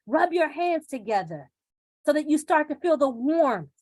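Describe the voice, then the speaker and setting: A woman's voice: high voice, big pitch swings, moderate pace, a little mellow. A woman coaching a live online group through a guided self-confidence exercise, coaxing and repeating phrases for emphasis over a video call.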